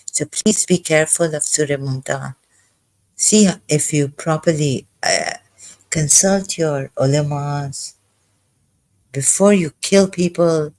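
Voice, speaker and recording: A man reads scripture aloud and comments on each verse in a slow, deliberate voice. He halts and restarts often, sounding agitated as he thinks aloud. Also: mid-range voice, poor audio. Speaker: ex-Muslim commentator.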